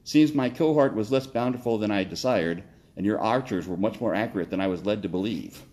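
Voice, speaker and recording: A man voicing a tall, calm male blood-drinking creature warrior who speaks with a heavy accent, in a story read aloud. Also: fairly low pitch, fairly quick, close to an everyday voice. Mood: calm menacing.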